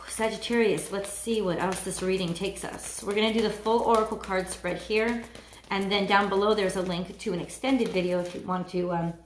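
A woman doing a weekly tarot card reading, talking in a halting way and searching for her words. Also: medium pitch, reverberant, slight background noise. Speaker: tarot reader.

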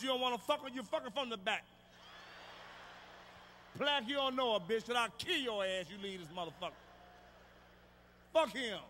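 A man doing a stand-up comedy routine on stage, ranting loudly with a profane, hard-hitting delivery. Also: very high-pitched, vocal fry, big-room sound, slight background noise.

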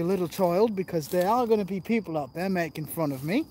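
A man's voice: sits high, lively intonation, fairly quick, few pauses, darkish tone, slight background noise. A man vlogging while he explores outdoors, joking around and talking straight to his viewers as he films on a handheld phone. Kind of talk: casual vlog commentary while exploring. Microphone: handheld phone camera.

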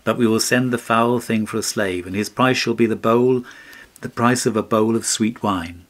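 Man doing a haughty scornful captain, low voice, storybook. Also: moderate pace, lightly acted. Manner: scornful, laughing. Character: haughty armoured male captain.

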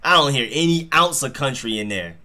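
A man hosting a live football reaction stream, talking straight to his chat in an excitable, slangy way. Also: mid-range voice, brisk.

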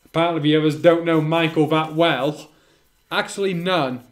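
A man's voice: a little high, normal speed. Sarcastic man reading fan fiction aloud. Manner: sarcastic, interrupts the reading with wry remarks. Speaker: reader and commentator.

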